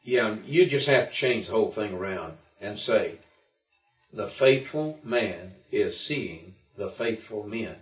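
A man's voice: fairly low pitch, animated, measured pace. A man teaching a Greek lesson in an informal classroom. He explains patiently as he thinks aloud, with frequent restarts. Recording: muffled and roomy, from far off.

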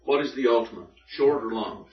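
A man's voice: medium pitch, a little fast. Man, classroom lecture, methodical, repetitive, distant, roomy. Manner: patient, methodical, repeats and drills. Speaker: teacher. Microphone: room recording from a distance. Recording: distant echoey classroom recording, dull lo-fi.

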